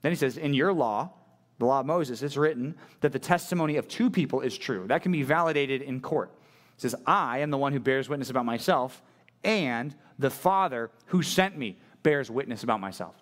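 A man's voice: mid-range voice, animated, fairly quick. A middle-aged male pastor preaching a conversational sermon, asking listeners direct questions and acting out the quoted voices.

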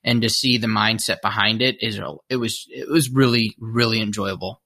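Relaxed male co-host, bright voice, conversational. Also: lowish voice, normal speed. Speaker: podcast co-host. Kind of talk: casual chat.

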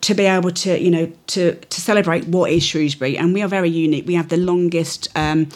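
A woman being interviewed as town mayor, talking casually with many pauses and restarts. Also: lowish voice, fairly even intonation, darkish tone. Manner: hesitant, many ums and restarts.

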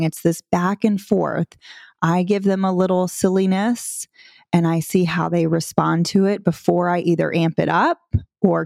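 A woman's voice: fairly low pitch, gravelly, a little mellow, no room sound, clean studio sound. A woman in her thirties, a parenting coach hosting her podcast, talking in a playful, chatty way and laughing easily. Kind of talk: casual instructional talk.

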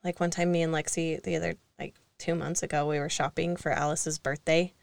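A woman's voice: sits low, fairly even intonation, a little fast, clear, resonant tone, dry recording. A young woman co-hosting a casual podcast, telling stories in a chatty way with fillers and laughs. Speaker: co-host.

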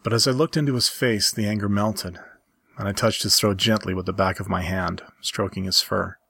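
A man reading a story aloud in a calm, measured way. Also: on the low side, vocal fry, husky, dry recording. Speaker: story reader.

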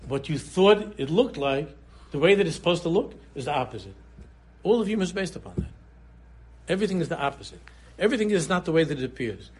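Animated husky rabbi yeshiva English. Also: male voice, fast. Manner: animated storyteller, swings between low murmurs and sudden high exclaims. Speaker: rabbi giving a Torah class. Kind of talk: Purim shiur sermon.

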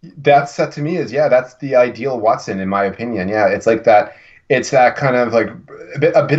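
A man's voice: mid-range voice, muffled recording. Rambling male podcast co-host. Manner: rambling, with many restarts. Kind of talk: casual chat.

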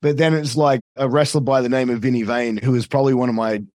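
Aussie bloke rambling through wrestling stories, swears a lot, dry close sound. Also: male voice, medium pitch, fairly even intonation, a little mellow, no echo. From Australia. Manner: swears freely, fast storytelling with many fillers. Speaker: podcast guest, wrestling commentator. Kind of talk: casual chat.

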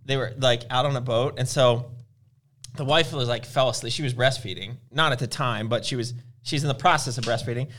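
A man's voice: mid-range voice, brisk, fairly bright tone. Chatty man telling rambling stories. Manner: rambling storyteller, acts out quoted voices. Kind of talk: casual chat.

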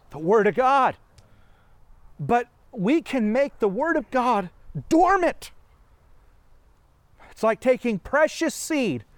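A man preaching a sermon, animated, asking rhetorical questions and laughing often. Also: very high-pitched, takes it slowly, pauses often, dry recording.

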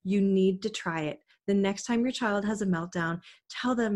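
A woman's voice: mid-range voice, normal speed, few pauses, darkish tone. A woman giving a parenting talk to camera, earnest and coaching, often asking the listener questions. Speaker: parenting educator.

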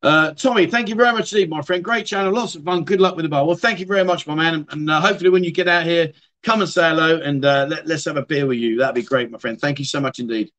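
A middle-aged man with a British accent talks through a relaxed livestream and answers viewers in a loose, chatty way. He is self-deprecating, often trails off and restarts his thoughts. His voice sits a little higher than most men's. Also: fast talker. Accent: British English. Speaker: livestream host. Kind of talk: casual livestream chat reading viewer comments. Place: home streaming room.

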